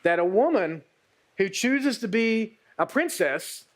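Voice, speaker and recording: A male pastor preaching a sermon, telling a story in an animated way and speaking directly to the women. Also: high-pitched, slow pace, very noisy.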